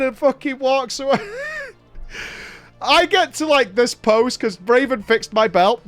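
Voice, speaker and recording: A man with a high-pitched voice tells a rowdy story in a casual podcast chat. He swears freely and laughs his way through it. The sound is dry and close, with faint music underneath. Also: big pitch swings, measured pace, fairly bright tone, no echo. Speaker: podcast host.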